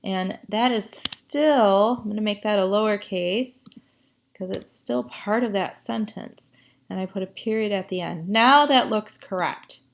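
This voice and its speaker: A woman teacher with a creaky, mid-range voice leads a writing lesson, reading sentences aloud and asking the class what needs fixing. She goes slowly, explaining things and posing questions to the students.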